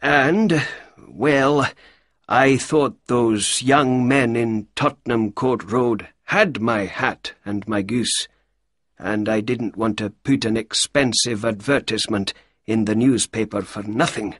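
Man doing a slow, quiet, grey-haired gentleman. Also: mid-range voice, dry recording, clean studio sound. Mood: careful. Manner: slow, quiet, careful speech.

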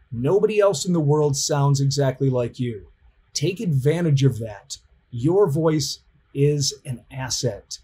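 A middle-aged man, a college professor, giving a recorded lecture in an emphatic, deliberate teaching manner. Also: fairly high pitch, darkish tone, breathy edge.

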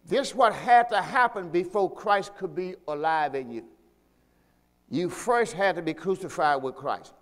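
A man with a high, lifted voice leads a church sermon, pressing his points through repetition and emphasis. He calls the congregation to repeat phrases after him. His voice rings out with a long hall reverb around it. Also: animated, a little slow, a bit bright. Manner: call-and-response preaching, asks congregation to repeat; repetitive, emphatic teaching delivery. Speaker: pastor.

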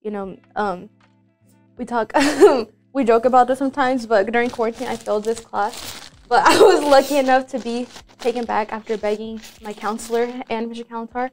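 A woman's voice: fairly high pitch, fairly even intonation, moderate pace, faint music behind. A young woman hosting a casual student interview at school, chatty and giggly, with many filler words. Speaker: student show host.

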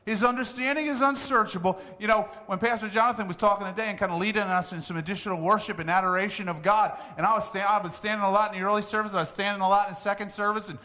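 Man in his 60s, pastor, high bright voice, long church hall reverb, chatty emphatic preaching. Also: steady tone, rapid-fire, few pauses. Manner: conversational, emphatic preaching with asides and laughs. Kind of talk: sermon. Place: church sanctuary.

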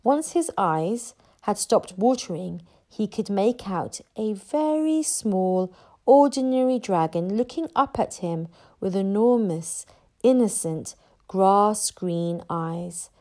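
Brief: woman narrator for a kids' read-aloud, mid pitch, very lively melody. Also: slow pace. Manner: expressive storyteller.

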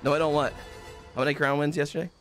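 A man's voice: on the high side, little pitch movement, fast, music in the background. A man streaming a game live, swearing freely and greeting his chat by name.

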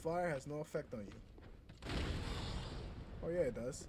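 A man giving casual gameplay commentary, cursing and trash-talking enemies, with sudden high outbursts. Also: expressive, slow pace, heavy background noise. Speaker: gameplay streamer.

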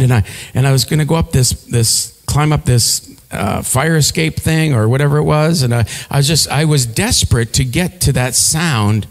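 A man preaching a sermon, telling a story with many restarts and building up to shouted exhortation. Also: medium pitch, gravelly. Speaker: pastor. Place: church sanctuary. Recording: long hall reverb.

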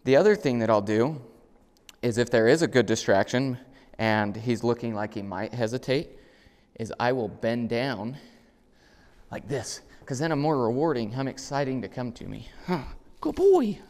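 A man gives a casual instructional talk on dog training inside a house, speaking at normal speed in a relaxed way before breaking into high, loud, cheerful commands to his dog. The recording has a big-room sound.

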